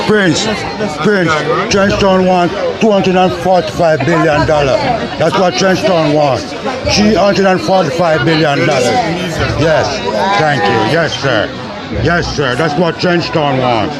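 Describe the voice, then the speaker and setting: A man putting on a loud, husky-voiced character who keeps yelling money demands. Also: a little high, takes it slowly, long pauses, some chatter behind. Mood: shouting. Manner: shouted, repetitive calling out.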